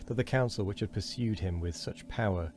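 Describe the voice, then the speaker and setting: A man reads a novel aloud in a steady, measured way. His voice sits very low. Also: a little hiss or hum. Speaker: streamer reading a book aloud.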